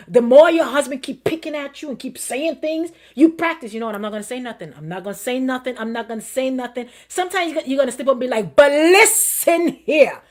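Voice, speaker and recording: A middle-aged woman pastor preaching in a conversational style, repeating phrases, asking the listeners questions and dropping to a quiet murmur when she repeats her calming self-talk. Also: sits high. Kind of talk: sermon.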